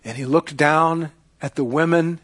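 A man preaching a sermon, telling a story dramatically and swinging between loud passages and hushed ones. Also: a little high, unhurried. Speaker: pastor.

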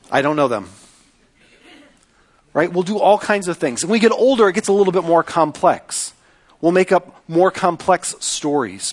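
A man preaching a sermon in a conversational way, often checking in with listeners by asking "right?". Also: fairly high pitch. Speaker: pastor.

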